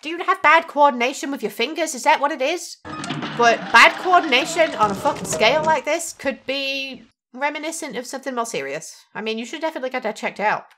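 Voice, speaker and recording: A woman's voice: high voice, expressive, a little fast, pushed and bright. A woman reacting to gameplay footage in casual commentary, sarcastic and exasperated, swearing freely. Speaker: gaming YouTuber reacting to a video. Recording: music playing clearly behind.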